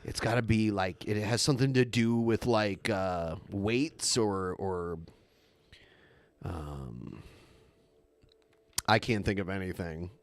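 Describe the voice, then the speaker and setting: A man's voice: fairly low pitch, slow pace, pauses often. A man co-hosting a podcast, talking casually in a sarcastic, teasing way. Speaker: podcast co-host. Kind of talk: casual chat.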